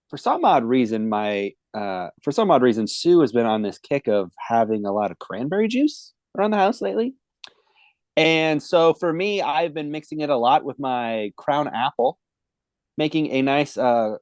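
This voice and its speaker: A man co-hosting a casual podcast who talks in a relaxed, rambling way. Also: on the high side, a little slow, no echo. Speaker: podcast co-host.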